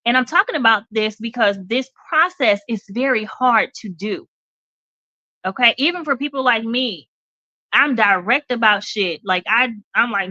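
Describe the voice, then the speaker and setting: Direct talk show lady, bright and forceful, keeps asking okay?, dry dull audio. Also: on the high side, expressive, moderate pace, dry recording. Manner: direct, emphatic, checks in with "okay?". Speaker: radio talk show host. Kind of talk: motivational talk.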